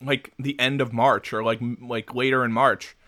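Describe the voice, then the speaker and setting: A man from Jersey City co-hosts a casual podcast in a bright, lively tone. He jokes, swears freely and laughs often. The recording is dry and close, with no room sound. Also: medium pitch, normal speed, no room sound. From Jersey City, USA. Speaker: podcast co-host.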